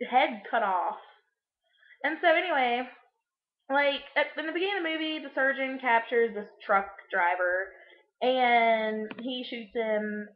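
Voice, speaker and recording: Young woman, higher voice, crude sarcastic rambling, echoey room, muffled lo-fi audio. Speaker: vlogger. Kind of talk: casual movie recap vlog.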